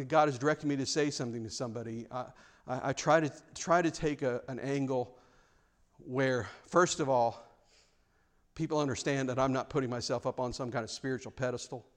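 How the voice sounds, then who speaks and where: A male pastor preaching a sermon in an earnest, frank way, often repeating words as he presses a point. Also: mid-range voice.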